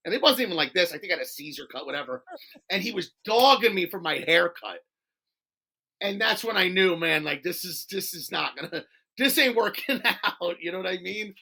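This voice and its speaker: A man guesting on a talk show, telling stories in a casual, animated way, swearing, laughing and acting out quotes. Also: sits high, a little fast, creaky. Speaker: podcast guest. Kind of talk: casual storytelling interview.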